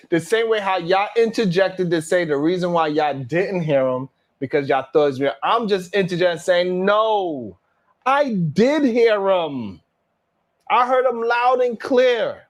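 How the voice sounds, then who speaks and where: Man, livestream host, high-pitched, unhurried, incredulous, repetitive. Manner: laughing, incredulous, repeats himself. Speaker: stream host reviewing a panel. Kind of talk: casual livestream commentary.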